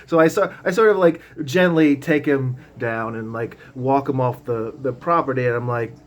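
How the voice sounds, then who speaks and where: A man's voice: mid-range voice, moderate pace. A man rambling through an anecdote. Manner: loose and conversational, lots of restarts and asides; casual, drops the odd swear word. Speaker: vlogger.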